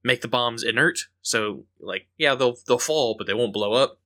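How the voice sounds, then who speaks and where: Bright-voiced laid-back male podcast host. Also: medium pitch, normal speed. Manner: laid-back, chuckling, joking. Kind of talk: casual comic book podcast chat.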